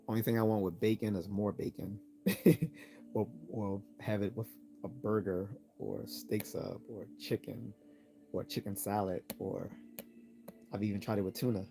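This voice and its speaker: Guy with a lowish voice doing a chill live-stream q&a, laughs a lot, voice going a bit hoarse. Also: measured pace. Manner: relaxed, laughs often, repeats words when starting. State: losing his voice. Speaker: live-stream host answering chat.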